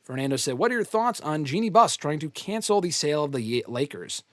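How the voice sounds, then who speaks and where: A man's voice: fairly high pitch, very animated, brisk, dry recording. A man hosting a live fan question show, talking loosely and bluntly with casual swearing. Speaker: host answering fan questions.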